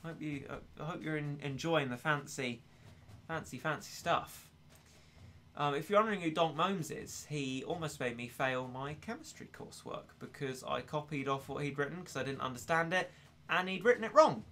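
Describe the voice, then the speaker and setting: A man's voice: fairly high pitch, normal speed, pushed and bright, slight background noise. A young man chatting casually and laughing on a live stream. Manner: chatty, giggly, self-mocking.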